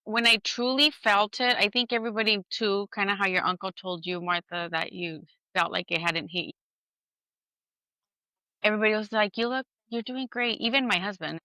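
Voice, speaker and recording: Bright-voiced woman telling a candid story. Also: medium pitch, steady tone, moderate pace, no echo, low-quality recording. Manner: earnest, candid storytelling with quoted dialogue. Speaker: podcast co-host. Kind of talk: casual podcast chat.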